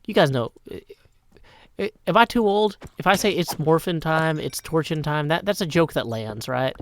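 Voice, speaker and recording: A middle-aged man from Nashville, chatting casually as he plays a game on a live stream, self-deprecating, and often dropping to a hushed mutter. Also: a little high, expressive, moderate pace, dry recording, studio quality. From Nashville, Tennessee. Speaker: gaming streamer. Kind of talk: casual live gameplay commentary.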